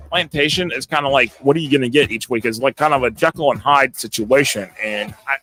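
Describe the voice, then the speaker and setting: A man hosting a casual live sports talk show, excitable and stammering, often laughing and reading viewer comments aloud. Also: medium pitch.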